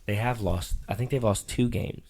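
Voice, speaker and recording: Middle-aged father co-host, very low voice, ribbing and bossy in casual banter. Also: moderate pace, creaky, darkish tone. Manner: teasing, playfully bossy. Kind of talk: casual sports-picks chat.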